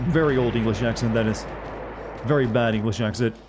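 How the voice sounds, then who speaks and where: A man's voice: medium pitch, fairly quick, noisy background. A man streaming a game live, who reads on-screen text aloud and makes casual joking asides to his viewers. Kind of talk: live-streamed gameplay commentary.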